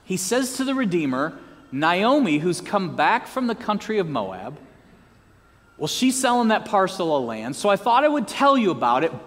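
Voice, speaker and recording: A man's voice: high-pitched, long reverb tail. A man preaching a sermon as pastor, with joking asides and prompts for the congregation to repeat after him. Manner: lively, joking asides and call-and-response prompts.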